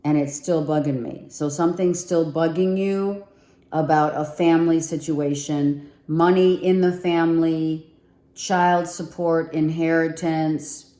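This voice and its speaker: A low-voiced woman talks slowly through a tarot reading, repeating herself and thinking aloud as she pulls cards. Her tone is mellow and her voice is nearly gone. The room around her is echoey. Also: fairly even intonation. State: losing her voice. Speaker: tarot reader. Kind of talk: casual tarot reading to viewers.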